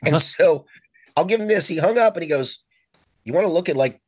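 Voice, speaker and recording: A man's voice: fairly high pitch, brisk, breathy edge, no echo. Chatty male sports podcast host. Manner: animated anecdotes, acts out quoted friends. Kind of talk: casual sports chat, storytelling.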